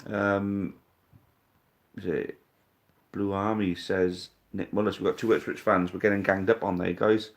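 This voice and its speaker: Unhurried and low, with little movement in pitch, a man in his thirties hosts a live stream. He reads viewers' comments aloud in a relaxed way and answers with blunt jokes and plenty of swearing.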